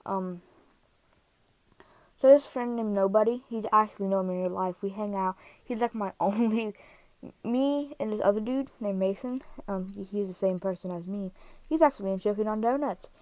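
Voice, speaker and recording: A woman chats casually to her phone camera in a middle-pitched voice. She rambles, piles on fillers and wanders off into side remarks as she goes. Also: moderate pace, darkish tone, dry recording. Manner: rambling, full of fillers and asides. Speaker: vlogger. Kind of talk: casual vlog chat. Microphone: iPhone.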